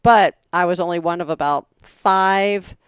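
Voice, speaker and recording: A woman in her forties, co-hosting a podcast, tells chatty, animated stories and acts out other people's lines. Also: on the low side, unhurried, clean tone, no echo, clean studio sound. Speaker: podcast co-host. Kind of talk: casual storytelling chat.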